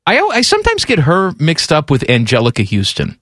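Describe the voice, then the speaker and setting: A man co-hosting a casual chat show, teasing his partner with dry deadpan one-liners. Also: fairly high pitch, brisk, no room sound. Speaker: podcast co-host.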